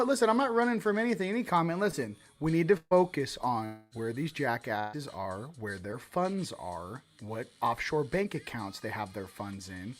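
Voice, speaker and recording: A man's voice: fairly high pitch, fairly bright tone. A man hosting a casual livestream card reading, rambling and fired up, with frequent restarts and asides. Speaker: host of a spiritual card-reading stream.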